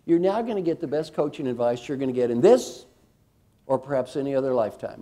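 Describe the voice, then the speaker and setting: A man speaking from a conference stage with a mellow, relaxed tone. He drives his points home with repeated questions to the crowd, then eases into a slow, quiet guided reflection. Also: mid-range voice. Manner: energetic and emphatic, asks the audience questions; slows and drops softly for a guided reflection. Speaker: speaker giving a talk on coaching. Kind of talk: motivational keynote talk. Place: conference hall before a live audience.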